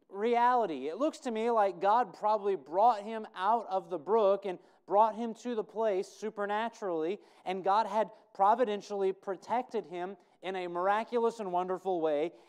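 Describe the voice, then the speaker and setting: A man's voice: sits high, darkish tone, clear, resonant tone. A man preaching a conversational sermon, putting questions to his congregation and thinking aloud. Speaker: pastor.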